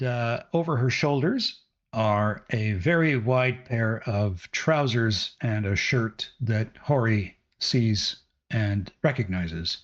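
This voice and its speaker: A man's voice: mid-range voice, fairly bright tone, lo-fi sound. A man narrating as game master of a tabletop game, with frequent fillers.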